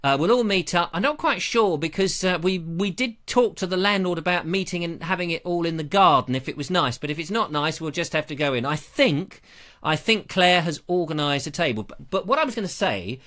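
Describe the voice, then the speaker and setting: A man's voice: a little high, animated, fairly quick, bright, forceful tone. A man hosting a casual livestream, jokey and rambling, chatting into a lavalier mic. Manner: jokey, rambling, slips into silly voices. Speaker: livestream host.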